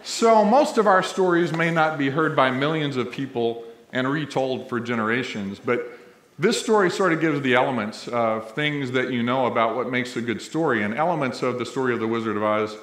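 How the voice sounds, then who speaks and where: Here the same kind of speaker, a middle-aged college president from Missouri, talks at a normal pace in a mid-range, slightly bright voice. His ceremony speech is humorous and anecdote-driven, told conversationally to an audience in a large event hall. The room's echo comes through in the recording.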